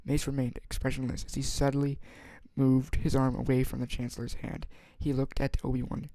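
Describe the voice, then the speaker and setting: A man's voice: mid-range voice, flat delivery, warm tone, no room sound. A man reading a novel aloud as an amateur, stumbling and restarting words often. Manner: halting, frequent stumbles and restarts. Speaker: audiobook reader.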